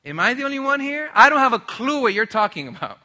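A man's voice: very high voice, very animated, fast, bright, forceful tone, pitched above the performer's own voice, full character voice. A man preaching acts out a confused male disciple, asking in a raised, incredulous tone where his teacher is going. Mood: baffled.

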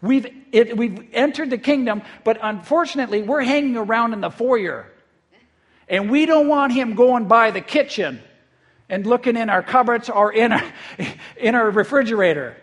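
A male pastor preaching a conversational sermon. He is lively and repeats words when he gets excited. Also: very high-pitched, normal speed. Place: church in eastern South Dakota.

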